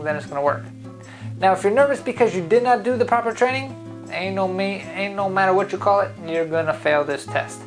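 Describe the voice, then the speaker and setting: A man's voice: sits high, rough recording. A man who founded a driving school gives an upbeat, coaching talk straight to his viewers. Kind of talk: motivational talk to camera.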